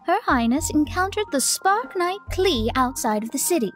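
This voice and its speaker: A voice actor playing a long-suffering talking raven who explains things politely, heard as game audio with music behind it. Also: male voice, very high voice, very animated, normal speed, fairly bright tone, exaggerated voice. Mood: explaining.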